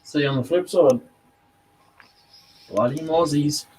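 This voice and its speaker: A man's voice: on the high side, a little slow, a little mellow, a little hiss or hum, rough recording. A man chatting casually and chuckling as a woodworking vlogger outdoors. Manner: laid-back, chuckling, blokey. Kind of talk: casual chat.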